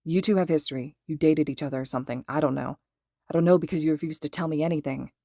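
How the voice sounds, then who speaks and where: A woman's voice: low-pitched, fast, vocal fry, mellow, dry recording, studio quality. Woman voicing a blunt, frustrated young man. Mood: tense. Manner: blunt and pressing. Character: frustrated, insistent young man demanding answers.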